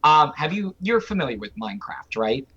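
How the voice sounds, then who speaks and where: A man's voice: fairly high pitch, sing-song, moderate pace, fairly bright tone, slightly rough, lo-fi sound. A man, a voice actor, chatting animatedly on a podcast and dropping into character voices. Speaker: voice actor guest. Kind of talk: casual podcast chat.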